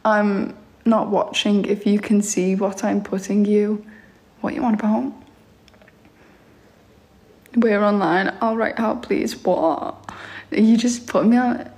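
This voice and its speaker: A woman's voice: medium pitch, fairly even intonation, slow, pauses often, darkish tone. A young woman streaming live, reading out chat comments and answering them with teasing, sarcastic remarks and frequent laughter.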